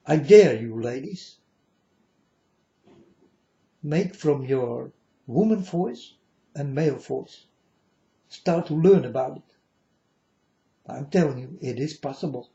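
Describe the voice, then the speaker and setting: Speaking slowly with long pauses, a vlogger's mid-range voice comes across as animated, creaky and warm over lo-fi sound. He delivers a rambling spiritual sermon in non-standard English, repetitive and full of "folks."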